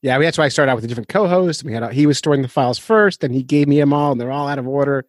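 A man's voice: mid-range voice, racing, no room sound. Male podcast host, loose and self-deprecating, chatty reads with a dry close mic. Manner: rambling, self-deprecating, chuckles often. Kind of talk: casual chat.

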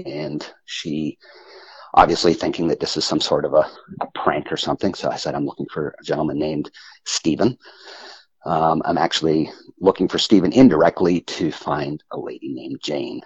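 Very deep gravelly man, halting story. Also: no room sound. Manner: halting, with frequent restarts and pauses. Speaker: interview guest telling his story. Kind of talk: personal storytelling. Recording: muffled lo-fi audio.

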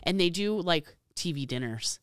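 A woman's voice: fairly low pitch, lively intonation, normal speed, clear, resonant tone, no room sound, studio quality. A woman co-hosting a podcast, chatting casually with teasing banter and a lot of laughter. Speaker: podcast co-host. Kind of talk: casual chat.

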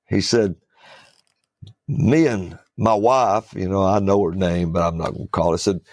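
A man's voice: on the low side, no echo, clean studio sound. A man who is a preacher, telling a folksy story in a casual talk-show chat. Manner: fiery and preachy, then folksy anecdote-telling.

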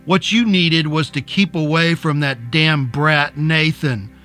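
A man's voice: on the high side, slow, sharp tone, faint music behind. A man playing a volatile, abusive middle-aged man who speaks in bitter accusations in a story reading. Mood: raging.

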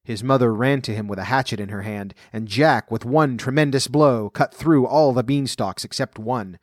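Male storyteller, fairy tale, mid pitch, steady and measured, dry close sound. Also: no echo.

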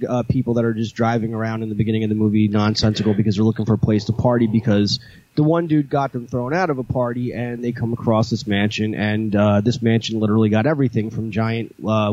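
A man's voice: mid-range voice, a little mellow, no room sound, muffled recording. Man, casual podcast chat, rambling with lots of fillers, dry close sound. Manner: rambling storyteller, many fillers and restarts. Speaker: podcast co-host.

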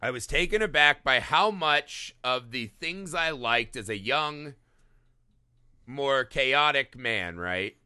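A man hosting a casual film discussion podcast, animated and peppering his talk with "right?". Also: mid-range voice, slow, clear, resonant tone, no echo, clean studio sound. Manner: animated, swearing, frequent "right?". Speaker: podcast host.

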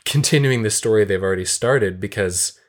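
A woman's voice: rumbling low, brisk. A woman co-hosting a casual chat about a film, explaining at length with enthusiasm. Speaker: podcast co-host. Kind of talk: casual movie discussion.

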